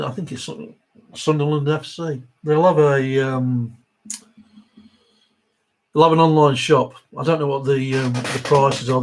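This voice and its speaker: A man's voice: medium pitch, a little mellow, poor audio. A middle-aged man hosting a live Q&A stream, chatting casually and reading viewer comments aloud.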